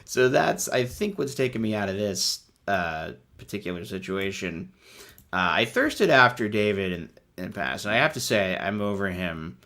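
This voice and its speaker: A man's voice: fairly low pitch, normal speed. Young guy doing jokey commentary, voice bounces way up and down, dry asides, then sudden yelps. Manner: wry, riffing, swings from mutters to excited outbursts. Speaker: video host. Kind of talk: comedic commentary on book illustrations.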